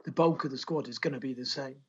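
A man's voice: mid-range voice, quick pace, slightly rough. Direct-talking man on a muffled line. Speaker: podcast co-host. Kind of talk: casual sports chat. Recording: dull lo-fi sound.

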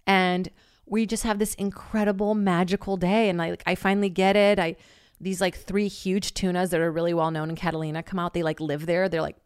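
A woman hosting a podcast, telling a funny story in a lively, casual way, swearing freely and acting out what people said. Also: fairly low pitch, fairly quick, clear, resonant tone, no echo, clean studio sound. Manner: animated, swears freely, acts out quotes. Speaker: podcast host.

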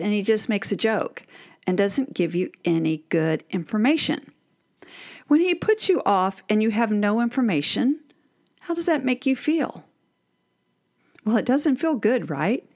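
Expressive woman coaching mothers. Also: mid-range voice. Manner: expressive, acts out teen and parent voices. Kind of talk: scripted advice talk to mothers.

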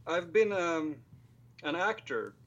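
A young Swedish-accented man in his late twenties comes through a dull, muffled line, his voice fairly high and bouncing up and down a lot. He talks casually and hesitantly, full of fillers and self-deprecating remarks. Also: sing-song, slow pace, fairly bright tone. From Sweden. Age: 20s. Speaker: guest filmmaker. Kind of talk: casual interview over a call.

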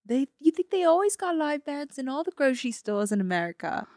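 A woman playing an excited Australian tourist with a put-on Australian accent. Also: sits high, a little fast, dry recording, clean studio sound, pitched above the performer's own voice. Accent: mock Australian accent. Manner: excited, giggly improv.

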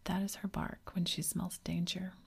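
A woman's voice: on the low side, level tone, moderate pace, gravelly, a little mellow, breathy edge, full character voice. A woman voicing a sensible, kind young girl in a whispered role-play. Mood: earnest.

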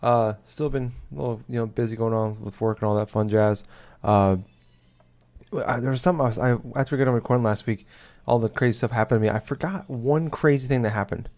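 A young man chatting casually on a podcast, telling a story in a halting, rambling way full of restarts and fillers. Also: medium pitch, a little mellow.

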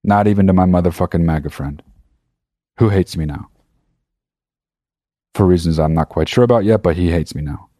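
A man's voice: deep voice, moderate pace, pauses often, dark tone, no echo, studio quality. A man hosting his own podcast, talking in a casual, profane and emphatic monologue. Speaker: podcast host.

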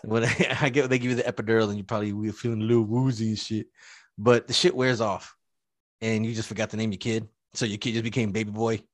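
A man's voice: fairly low pitch, level tone, fast talker, no room sound. A man co-hosting a podcast in casual chat, joking, swearing and acting out quotes. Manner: profane, joking, acts out quotes. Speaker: podcast co-host.

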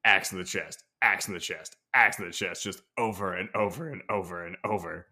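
A man on a casual podcast, talking in a relaxed, slightly hesitant way and repeating words. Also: low voice, a little fast. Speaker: podcast panelist. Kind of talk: casual chat.

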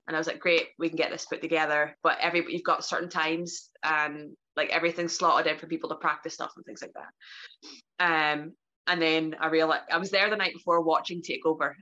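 A woman, a professional wrestler telling career stories in an interview, animated and laughing often as she acts out what people said. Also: low-pitched, a little fast. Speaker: interview guest. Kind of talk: casual storytelling interview. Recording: dull lo-fi sound.

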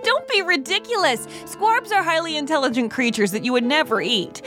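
A woman's voice: sits high, fairly quick, faint music behind. Woman playing a bubbly alien chef. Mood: cheery. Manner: bubbly, animated, playfully theatrical. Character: cheerful alien woman chef serving strange dishes. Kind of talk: children's audio comedy.

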